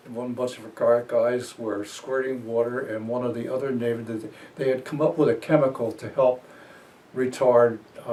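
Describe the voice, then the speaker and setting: A man's voice: mid-range voice, darkish tone, recorded from a distance. A man in his eighties from New Jersey, telling old stories in a rambling, chuckling way during an interview. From New Jersey, USA. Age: 80s. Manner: rambling storyteller, fillers and chuckles. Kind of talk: reminiscing interview.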